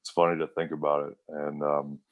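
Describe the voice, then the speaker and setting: A man's voice: very deep voice, level tone, brisk, phone-quality sound. A man in his thirties, a wrestler guest, telling rambling stories in a casual interview, full of fillers and quoted voices.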